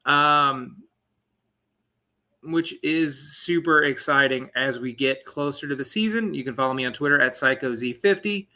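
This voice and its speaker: Late twenties dude rambling thru a live football show, lotsa ums, bright voice. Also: male voice, medium pitch, a little slow. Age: 20s. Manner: rambling, chatty, lots of fillers and asides. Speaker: sports podcast host. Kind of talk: casual live sports talk stream.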